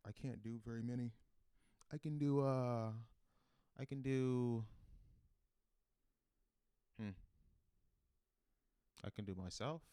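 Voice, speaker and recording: Low-voiced guy rambling deadpan on his comedy podcast, dry close sound. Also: dry recording. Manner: deadpan, rambling, full of ums and restarts. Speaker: podcast host.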